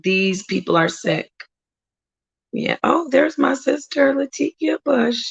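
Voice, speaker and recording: A woman's voice: high voice, animated, takes it slowly, gravelly, muffled recording. A woman hosting a casual livestream, greeting viewers by name and talking in a rambling, emphatic way. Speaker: livestream host reading viewer chat.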